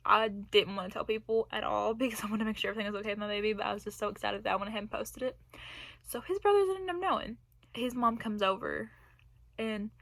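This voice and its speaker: A woman's voice: a little high, a bit bright, dry recording. A young woman telling a personal story in a casual vlog, rambling and laughing between phrases. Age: young adult. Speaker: vlogger.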